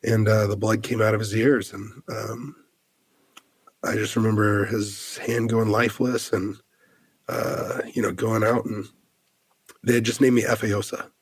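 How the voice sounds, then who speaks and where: A man's voice: on the low side, level tone, unhurried, breathy edge, no echo. A man in his thirties from the United States, a podcast guest telling a heartfelt personal story in an earnest way, full of "like" fillers and restarts.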